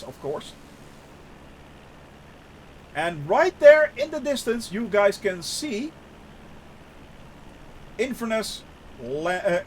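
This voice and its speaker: A young man chats through his flight-sim stream in a fairly high voice that rises and falls a lot, laughing easily and leaning on fillers. A faint hiss of noise sits behind him. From Netherlands. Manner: chatty, laughs often, many fillers. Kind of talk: casual live-stream commentary.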